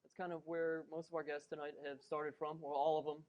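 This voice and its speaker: A man's voice: fairly high pitch, level tone, fairly quick, dull audio. A man hosting a live talk show in a small theater, teasing his guests and laughing often. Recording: loud crowd and noise in a live theater.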